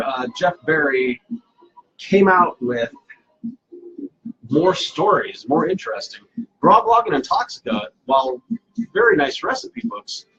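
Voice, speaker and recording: A man's voice: fairly high pitch, creaky, a bit bright, husky, muffled recording. A man hosting a casual live cocktail stream from home, playful and self-mocking, rambling with fillers. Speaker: cocktail show host.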